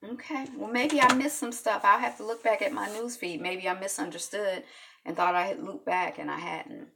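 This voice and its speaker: A woman hosting a casual news chat show, chatty, answering viewers and swooping from high exclamations to soft mutters. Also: fairly even intonation, moderate pace, vocal fry. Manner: chatty, reads comments from viewers.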